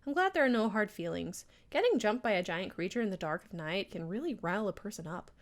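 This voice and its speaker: A woman with a Southern accent voicing a proud older male Southern gentleman chef, talking in an earnest, grandiose way. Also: medium pitch, expressive, fast, natural voice. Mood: warm.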